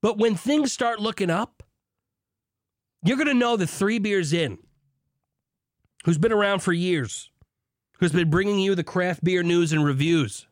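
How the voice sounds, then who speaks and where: Male solo beer podcast host, fired up and foul-mouthed, high bouncy voice, dry close mic. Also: moderate pace, pauses often, no echo. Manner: hyped, swings between shouting and low asides; swears, mock preacher zeal. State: drinking beer while talking. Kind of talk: excited solo podcast monologue.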